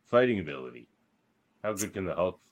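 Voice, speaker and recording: A man with a very low voice chats casually as a podcast co-host. His pitch swings widely as he reads out each category and banters, laughing often. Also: very animated, a little fast, highs cut off. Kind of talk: casual chat.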